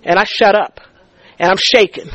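A middle-aged woman with a mid-range voice speaks at normal speed over poor audio. Teaching a faith group, she gives a vivid testimony, animatedly acting out dialogue and stammering in her excitement.

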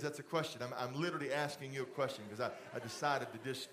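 A middle-aged man preaching a conversational sermon in a church, dropping to a soft fatherly voice for asides. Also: medium pitch, fast talker. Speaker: pastor. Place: church stage with TV lights.

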